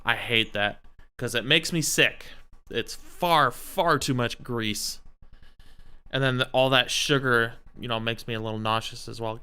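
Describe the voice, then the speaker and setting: A man's voice: medium pitch, unhurried, pushed and bright, smooth. A man casually chatting while playing a game on a live stream at home, rambling between topics and talking to his cat.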